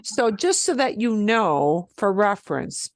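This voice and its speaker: A woman teaching beginner Spanish over a video call, moving at an unhurried pace. Her voice is lively, with wide swings in pitch. She stops often to check that the class is following, and the sound is dry and close. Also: dry recording. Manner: patient, explains slowly with many "okay?" checks.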